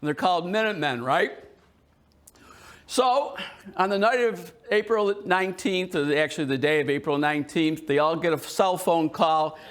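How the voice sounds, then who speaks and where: High-voiced joking man giving a history talk. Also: normal speed. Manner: jokey and animated, quizzing the audience. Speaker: history presenter. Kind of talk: museum history talk to a live audience. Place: indoor museum hall with an audience.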